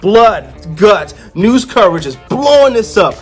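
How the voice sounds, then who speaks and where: Casual comic reviewer narrating a plot recap, amused and animated, lively pitch over faint music. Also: unhurried, slightly rough. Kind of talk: casual story retelling.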